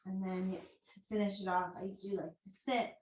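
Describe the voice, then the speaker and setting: A woman teaches a casual class in a relaxed, chatty way, joking as she goes and dropping plenty of ums. Her voice sits in a middling pitch range. The sound has a noticeable roomy echo around it. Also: moderate pace. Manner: chatty and jokey, with frequent ums. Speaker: movement and bodywork instructor.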